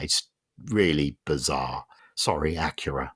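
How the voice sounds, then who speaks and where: A deep-voiced middle-aged Englishman talks through a car review in a loose, rambling way, blunt and wry, with swearing. The sound is dry and close, with no room around it. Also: normal speed, a bit bright, no room sound. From England. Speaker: podcast host. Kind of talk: casual car review chat.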